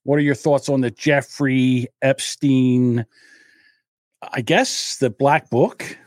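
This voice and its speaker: A man's voice: mid-range voice, fairly even intonation, takes it slowly, a little mellow, no echo, studio quality. A man hosting a casual after-show podcast, rambling a little tipsy and reading viewer comments aloud. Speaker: podcast host. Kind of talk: casual drunken chat.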